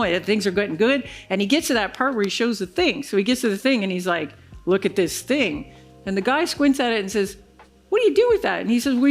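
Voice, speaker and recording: A woman giving a conference keynote, telling a business story and acting out the other people's lines. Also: medium pitch. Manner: animated storyteller acting out quoted dialogue. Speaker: keynote speaker. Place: large conference hall stage.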